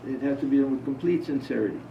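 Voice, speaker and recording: Racing along in a mid-range voice with vocal fry, a man talks over a little hiss or hum. His informal spiritual talk to a small gathering mixes storytelling with questions for the audience. The recording is roomy, distant and dull.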